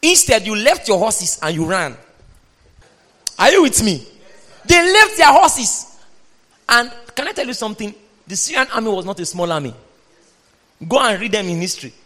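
A man preaching a sermon, reading scripture aloud and speaking emphatically, at times shouting. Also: high-pitched, very animated, brisk, long pauses. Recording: long hall reverb.

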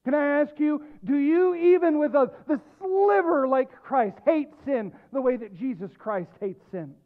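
A male pastor preaching a sermon, emphatic, dropping low and quiet and then rising with loud stress. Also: expressive, a little slow. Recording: tinny phone-like lo-fi sound.

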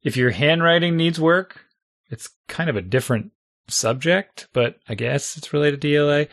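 A man's voice: a little high, moderate pace, a bit bright. A middle-aged man chatting casually as a podcast co-host, reflective, thinking aloud and laughing often. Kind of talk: casual chat.

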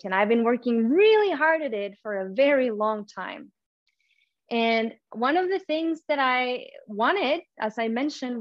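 A woman whose first language is not English, preaching a heartfelt sermon with pauses and restarts. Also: fairly high pitch, dry recording, highs cut off.

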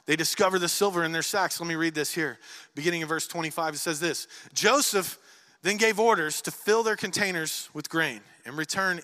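A male pastor preaching a sermon with dramatic storytelling, moving from hushed, near-whispered lines to loud, shouted ones. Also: a little high. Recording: echoey church hall.

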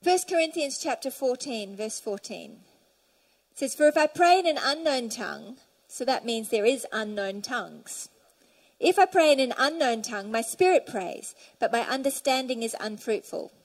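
Female preacher, high-pitched, fervent sermon delivery with scripture reading, church setting. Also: lively intonation, moderate pace, rough recording. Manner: fervent, reads scripture aloud and tells stories.

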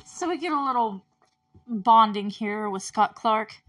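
A woman's voice: on the high side, animated, unhurried, fairly bright tone. A woman hosting a podcast, recapping an episode in a rambling way with lots of fillers and laughs. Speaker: podcast host.

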